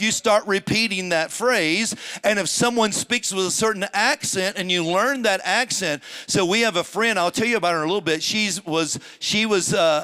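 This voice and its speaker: A man's voice: high-pitched, bright, forceful tone, clean tone. A man pastor preaching a sermon to a live congregation in church, emphatic, drawing out key words and asking the congregation questions.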